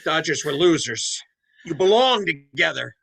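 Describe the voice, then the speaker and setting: A man's voice: on the high side, big pitch swings, vocal fry, pushed and bright, slightly rough, exaggerated voice, low-quality recording. An actor playing a stubborn older man who answers curtly and then flares up, in a play reading. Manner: slow, curt, then flaring up. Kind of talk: play read over a video call.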